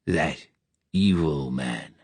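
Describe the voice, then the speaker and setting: A man voicing a weary old resistance leader with a deep growling lisp, speaking slowly and gravely in an audiobook reading. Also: no room sound, exaggerated voice. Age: older. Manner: slow, grave and commanding. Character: aged gruff male wartime resistance leader, weary.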